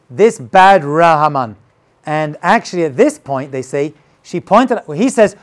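A man's voice: fairly high pitch, expressive, a little slow. A man teaching as a rabbi, who retells a scripture story in a dramatic, casual way. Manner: dramatic, casual, retells scenes with acted quotes. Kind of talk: animated storytelling lesson.

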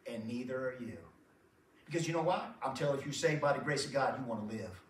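A man's voice: medium pitch, quick pace. A man preaching a sermon as pastor, in a folksy way that keeps repeating itself, chuckling and calling his listeners folks. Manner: folksy, repeats himself, chuckles often, calls the crowd folks. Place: church sanctuary. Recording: roomy church sound from a distant mic.

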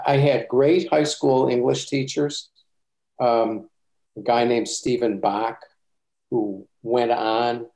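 A male author giving a measured interview answer, pausing often with uhs. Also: lowish voice, a little mellow. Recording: roomy echo.

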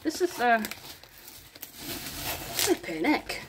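A Northern English woman chatting her way through a record unboxing. Her voice sits a little high. She rambles and mutters instructions to herself as she goes. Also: big pitch swings, drawn-out words, background noise. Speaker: vinyl unboxing vlogger. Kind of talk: casual unboxing chat.

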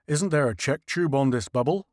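A man's voice: medium pitch, moderate pace, a little mellow, no room sound, studio quality, close to an everyday voice. A man voicing a practical male pilot and general who speaks in a level, matter-of-fact way. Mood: steady.

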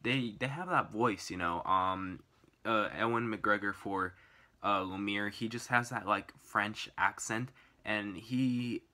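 A man's voice: on the low side, takes it slowly, bright, forceful tone. A young man giving a casual, enthusiastic movie review, rambling with fillers and restarts.

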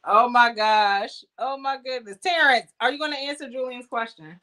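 A woman's voice: fairly high pitch, moderate pace, sharp tone. A woman hosting a casual livestream chat, teasing her guests and laughing a lot. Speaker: livestream host.

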